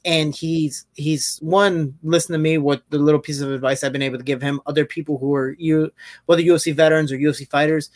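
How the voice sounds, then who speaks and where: A man, a fighter and podcast host, telling stories in a casual chat, animated and swearing freely. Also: a little high, fast talker, no room sound. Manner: animated storyteller, swears freely, many restarts.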